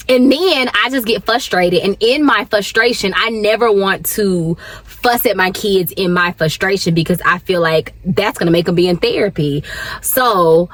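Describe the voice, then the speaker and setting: A woman, chatting casually to camera from her car, animated and talkative with sudden high jumps and laughs. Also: moderate pace. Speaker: vlogger, working mom.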